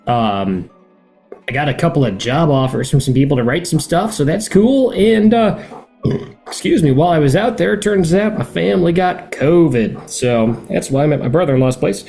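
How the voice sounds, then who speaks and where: A man's voice: on the high side, animated, normal speed, vocal fry, darkish tone, soft background music. A man giving a casual, upbeat and jokey rundown on a podcast. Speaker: podcast guest player. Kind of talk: casual chat.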